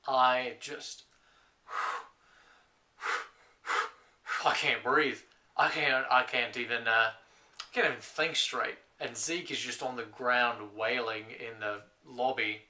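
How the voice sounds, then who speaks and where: A man's voice: mid-range voice, steady tone, measured pace, sharp tone. A young man playing a lonely last man on earth, telling wry rambling stories to camera in a scripted comedy monologue.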